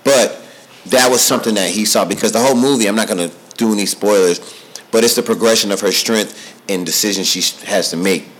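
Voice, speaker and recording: Guy in his 30s with a lowish voice, chatty podcast host, slangy and worked up. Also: brisk, rough recording. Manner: animated storyteller, slangy, repeats himself. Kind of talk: casual chat.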